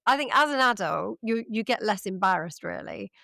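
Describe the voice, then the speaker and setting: A woman's voice: mid-range voice, lively intonation, moderate pace, creaky, pushed and bright, dry recording, clean studio sound. A woman in her forties hosting a podcast, reminiscing and asking her guest prompting questions. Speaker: podcast host. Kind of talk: casual chat.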